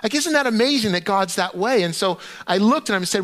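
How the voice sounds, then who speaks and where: A man's voice: high voice, fairly quick, fairly bright tone. A middle-aged male pastor preaching in a conversational way, acting out his own prayers to God with many restarts and fillers. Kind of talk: sermon.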